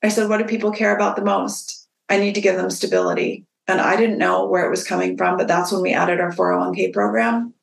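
A woman business owner telling stories in a relaxed interview, slipping into the voices of the people she quotes. Her voice has a gravelly edge. The room around her sounds roomy and echoey. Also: medium pitch, brisk, few pauses. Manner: animated, acts out quoted dialogue. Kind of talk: casual interview storytelling.

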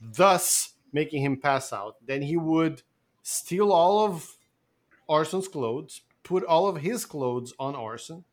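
A man's voice: on the high side, slow. A man co-hosting a movie podcast, chatting casually and eagerly laying out a theory. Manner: animated, laughing, spins theories. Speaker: podcast co-host. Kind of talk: casual chat.

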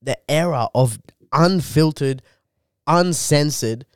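Young Aussie male co-host, easygoing crude banter, crisp dry studio sound. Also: on the high side, takes it slowly, dry recording. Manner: laid-back, swears constantly, says dude a lot. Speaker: podcast co-host. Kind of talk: crude casual chat.

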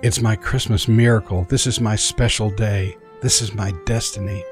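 Tiny, eager storybook bell voiced by a man, mild and low, with music behind. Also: normal speed, natural voice. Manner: excited. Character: tiny lonely male bell, overjoyed and eager.

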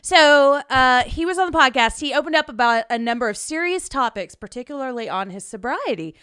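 A woman's voice: sits high, animated, a little fast, a bit bright, clear, resonant tone, dry recording, studio quality. A woman co-hosting a casual podcast, chatty and self-deprecating, often breaking into giggles. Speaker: podcast co-host.

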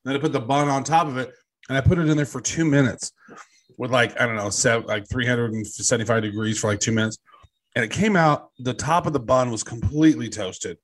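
A man co-hosting a podcast in casual chat, joking and telling animated stories. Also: mid-range voice, fairly quick. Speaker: podcast co-host.

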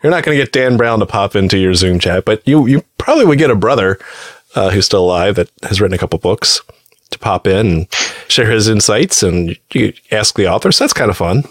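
A man co-hosting a podcast in casual chat, joking around with quick quips. His voice sits on the lower side. The sound is dry, with no room echo. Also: animated. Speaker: podcast co-host.

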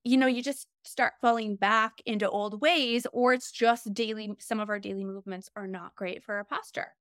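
A middle-aged woman, a fitness trainer guest on a podcast, explaining in an animated way full of "like" and "right?". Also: medium pitch, normal speed, no echo, clean studio sound.

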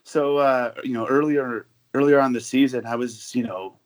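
A man's voice: medium pitch, fairly even intonation, moderate pace. Chatty American guy rambling through stories. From United States. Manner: rambling storyteller with many fillers and restarts. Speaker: guest, overseas football supporter. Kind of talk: casual podcast chat.

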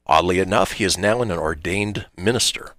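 Deep-voiced easygoing radio host man. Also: moderate pace, a bit bright, dry recording. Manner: easygoing, reads history items with light jokes. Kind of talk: casual radio chat.

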